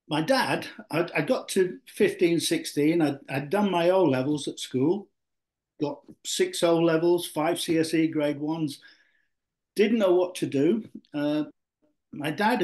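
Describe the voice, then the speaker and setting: A man's voice: fairly high pitch, darkish tone. An older man from Yorkshire, a former footballer, telling stories about his youth in a rambling interview style full of fillers and restarts. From Yorkshire, England. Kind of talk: relaxed storytelling interview.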